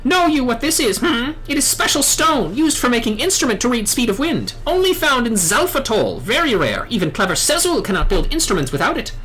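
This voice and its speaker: A woman's voice: fairly high pitch, sing-song, a little fast, hardly any pauses, fairly bright tone. Sezul, a woman doing a squawking bird-man. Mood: boastful. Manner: screeching squawks, broken backwards word order. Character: excitable squawking male bird-man tinkerer.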